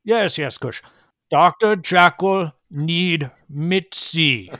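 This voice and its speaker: A man's voice: a little high, normal speed, vocal fry, dry recording, studio quality. A man voicing a formal, patronizing male vampire doctor in a tabletop game. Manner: prim, polite, patronizing.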